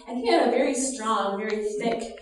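A woman's voice: a little high, normal speed, slight background noise. A woman from the United States preaching a conversational sermon in a church, with frequent laughter during anecdotes. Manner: conversational, laughs often while telling stories. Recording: echoey church hall from far off.

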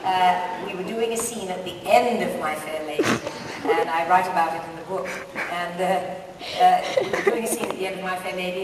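Speaking on the low side, an older woman laughs frequently while sharing self-deprecating, amused stories at a live interview. The setting is a big hall at a book festival with an audience, and the audio is distant, echoey, and very noisy.

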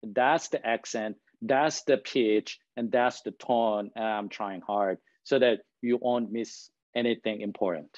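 In a lowish, darkish voice, a guest speaker for whom English is a second language presents at a measured pace with a steady tone and few pauses. He's conversational, regularly checking in with "right?" and sometimes laughing at himself. The audio is dull and echo-free.

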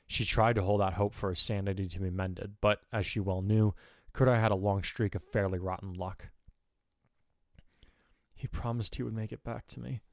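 A man reading fan fiction aloud in a steady, measured narration. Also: on the low side, no room sound, studio quality. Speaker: audiobook narrator.

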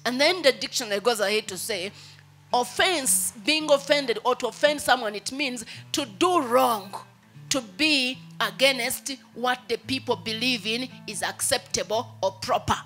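A woman's voice: a little high, unhurried, a bit bright, faint music behind. A woman pastor with a Ugandan English accent preaching a sermon. She acts out a baby's pleas in quoted lines.

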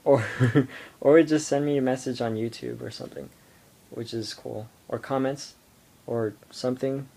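A teenage boy rambling through a casual home vlog into his iPod camera, halting and full of fillers. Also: medium pitch, fairly even intonation, gravelly, mellow. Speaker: vlogger.

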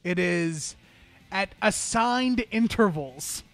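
A man's voice: high voice, animated, slow pace, a bit bright, dry recording. A man on a casual talk-show panel, wisecracking and giving wry takes. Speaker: regular panelist. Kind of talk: casual chat.

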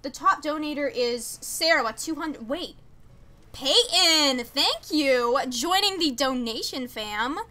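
High, bright-voiced gushing young woman streamer. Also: slow. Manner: gushing and stammering, excitable. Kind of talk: casual live-stream chat.

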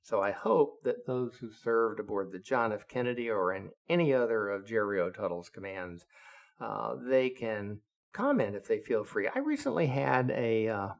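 A man's voice: fairly low pitch, animated, moderate pace, gravelly. An older man, a retired navy officer and author, recounting his service memories in a blunt, profane, indignant way. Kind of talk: casual spoken memoir storytelling.

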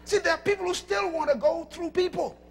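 A male preacher delivering a sermon emphatically, calling out to the congregation and shouting at peaks. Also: extremely high pitch, fairly quick, vocal fry, faint music behind. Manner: emphatic, calls to audience.

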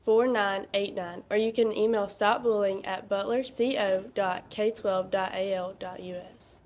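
A woman anchoring a student news show, reading announcements clearly from a script. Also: medium pitch, steady tone, moderate pace, a little mellow, a little hiss or hum.

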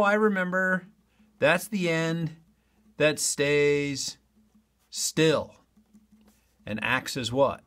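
A male teacher records an online lesson at a table and talks straight to his students in a chatty, loose way. His voice sits at a middle pitch for a man. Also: a bit bright, husky.

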